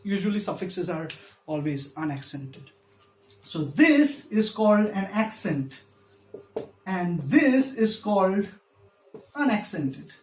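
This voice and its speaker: A man's voice: sits high, big pitch swings, slow pace, pauses often, darkish tone, a little hiss or hum. A man who gives a literature lecture, patiently explaining step by step and stressing syllables when he demonstrates them. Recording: echoey room.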